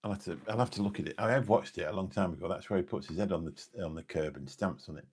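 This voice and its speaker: A man's voice: sits low, quick pace, a little mellow, slightly rough. A man in his fifties with an English accent, a taxi driver chatting late at night on his live stream, rambling and forgetful as he answers viewers' comments.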